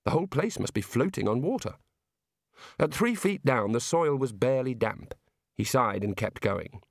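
A man's voice: medium pitch, lively intonation, moderate pace, gravelly, no room sound. A man reading a comic fantasy audiobook aloud in a dry, wry storytelling manner. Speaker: audiobook narrator. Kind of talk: scripted narration.

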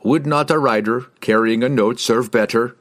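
A man's voice: medium pitch, normal speed, pitched above the performer's own voice, close to an everyday voice. A man reading the part of a blunt, wary barbarian warrior. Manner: blunt, forceful.

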